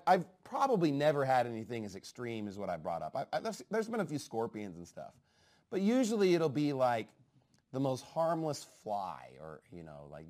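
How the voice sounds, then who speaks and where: A man preaching a fiery sermon, swinging from low asides to loud, emphatic outbursts. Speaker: pastor.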